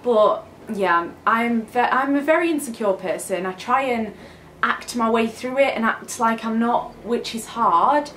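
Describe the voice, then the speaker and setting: A woman's voice: fairly high pitch, slow pace, sharp tone, reverberant, a little hiss or hum. A young woman talking openly and a little hesitantly in a casual confessional vlog. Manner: open, emotional, hesitant. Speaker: vlogger.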